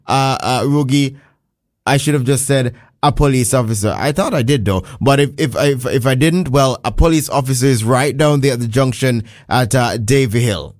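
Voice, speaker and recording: A man's voice: medium pitch, moderate pace, a little mellow, no echo. A man from Montserrat, a radio host chatting casually in a studio, laughing often and stumbling over words. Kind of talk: casual morning radio chat.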